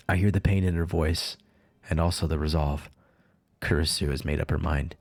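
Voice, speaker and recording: A man with a very deep, gravelly voice streams a game at normal speed, reading its dialogue aloud flatly before breaking into crude joking asides. It's a casual playthrough, recorded dry with faint music in the background.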